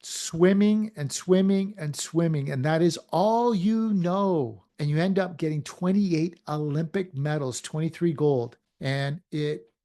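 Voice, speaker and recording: A middle-aged man hosting a motivational podcast, energetic and firing many questions at the listener. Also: on the high side, unhurried, few pauses. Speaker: podcast host. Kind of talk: motivational talk.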